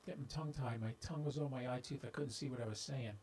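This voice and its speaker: A man's voice: mid-range voice, fairly even intonation, fast, darkish tone, a little hiss or hum, low-quality recording. A man hosting a ham radio livestream, talking straight to viewers in a folksy, joking way about radio practice, with a clip-on mic on his shirt. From southeastern US. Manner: folksy, talks directly to viewers, stumbles into jokes. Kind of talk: casual livestream talk. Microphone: clip-on microphone on shirt. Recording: popping and scratching from mic.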